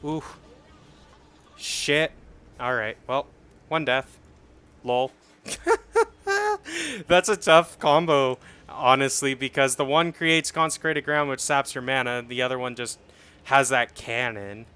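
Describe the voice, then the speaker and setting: A young man casually explaining his game build on a livestream, swearing and getting excited once the fights start. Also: medium pitch, a little slow, pauses often, clear, resonant tone. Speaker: streamer. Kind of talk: casual gameplay commentary.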